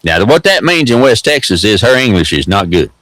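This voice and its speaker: A low-voiced man with a thick East Tennessee drawl tells a rambling, folksy story. His pitch swings widely as he goes. The sound is dry and close. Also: big pitch swings, a little fast, a bit bright, no echo, poor audio. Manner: folksy, drawling, repeats words and laughs often. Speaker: host.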